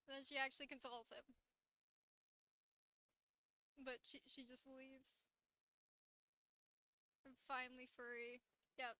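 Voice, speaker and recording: Bright, high-voiced giggly woman streamer. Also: level tone, slow pace, pauses often, dry recording. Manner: chatty, giggly, swears casually. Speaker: livestreamer. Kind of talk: casual livestream commentary.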